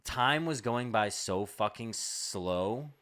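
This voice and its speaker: A young man with a deep voice and a bright, pushing edge tells a story on a comedy podcast. He rambles and swears, stacking up filler words as he goes. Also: animated, slow. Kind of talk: casual storytelling chat.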